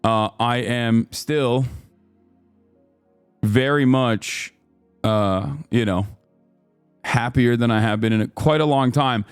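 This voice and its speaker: A man's voice: mid-range voice, takes it slowly, pauses often, smooth, dry recording, faint music behind. A man in his thirties hosting a livestream in a casual chat style, playful and rambling, who swears freely and slips into mock announcer openings. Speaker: livestream host.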